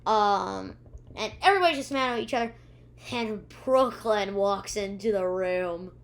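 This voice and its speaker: A woman's voice: medium pitch, measured pace. A female reviewer recapping episodes in a rambling way, with many ums and restarts, acting out the characters' lines. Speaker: video reviewer.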